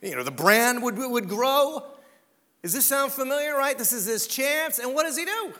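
A man preaching a sermon as pastor, dramatic and dropping to a hush for emphasis. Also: very high voice, lively intonation, normal speed, big-room sound.

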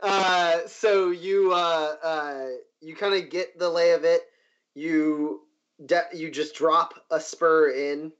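Animated game master, muffled lo-fi sound. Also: male voice, slow, clean tone. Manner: animated, jumps into high cheering crowd voices. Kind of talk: narrating a tabletop game.

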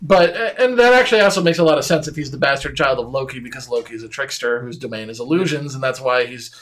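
A man's voice: medium pitch, fast talker, a bit bright. A man co-hosting a casual podcast, adding dry remarks about a film, sometimes hesitating. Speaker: podcast co-host. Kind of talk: casual movie discussion.

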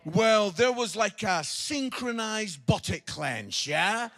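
Scottish male preacher, middle-aged, comic storyteller, bright forceful tone. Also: high voice, takes it slowly. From Scotland. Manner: jokey, animated, lively anecdotes. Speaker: visiting preacher and comedian. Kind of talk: humorous sermon storytelling.

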